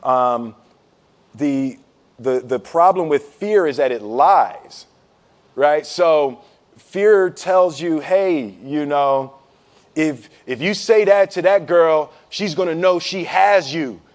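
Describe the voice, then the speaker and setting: A man with a fairly high voice tells a story in a loose, conversational way. He acts out voices and keeps tossing in "right?" as he talks. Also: slow. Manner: animated, acts out dialogue, frequent "right?". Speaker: speaker. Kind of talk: storytelling talk.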